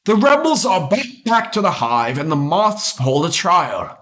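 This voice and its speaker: A young man reading an AI-written story aloud, amused and animated. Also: sits high, measured pace, few pauses. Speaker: reader.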